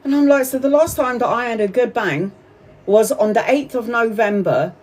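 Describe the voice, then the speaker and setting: A woman's voice: a little high, moderate pace, a little mellow. A woman giving a casual live-stream tarot reading. She chats freely, swears and laughs often. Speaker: tarot reader.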